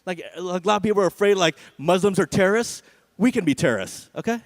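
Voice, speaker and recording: High-voiced sarcastic stand-up comic. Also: male voice, expressive, fast. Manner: sarcastic, punchy delivery with frequent "right?" asides. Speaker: stand-up comedian. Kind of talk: stand-up comedy set. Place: comedy stage at an awards show.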